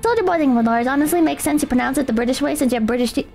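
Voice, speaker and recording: Very high-voiced, teasing American woman. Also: rapid-fire, gravelly, dark tone. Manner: teasing, crude, swears freely. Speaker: streamer. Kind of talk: casual chat, reading viewer donations. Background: faint music.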